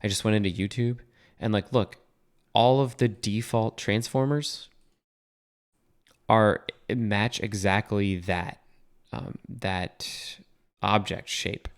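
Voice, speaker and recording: Youngish guy, lowish voice, chatting loosely thru a coding tutorial, lots of ums. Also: fairly even intonation, slow pace, long pauses, smooth. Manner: casual and thinking aloud, with fillers and self-corrections. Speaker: web developer teaching a coding tutorial. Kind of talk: casual screen-share coding tutorial.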